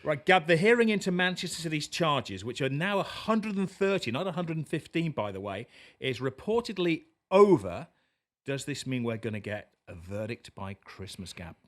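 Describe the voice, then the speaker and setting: Chatty northern English football pundit. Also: male voice, fairly high pitch, big pitch swings, moderate pace, a bit bright. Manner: chatty, with frequent stammered restarts. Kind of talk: casual football chat.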